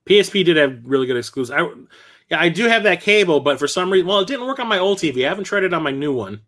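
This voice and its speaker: A man hosting a casual livestream, rambling and correcting himself as he talks, quick to laugh. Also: on the high side, animated, a bit bright. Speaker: livestream host. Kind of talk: casual livestream chat about his game collection.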